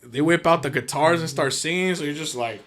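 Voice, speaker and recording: This guest on a podcast has a fairly high-pitched voice and talks fairly quickly. His travel stories come out as a casual, slangy chat full of profanity, and he performs other people's lines in lively, animated voices.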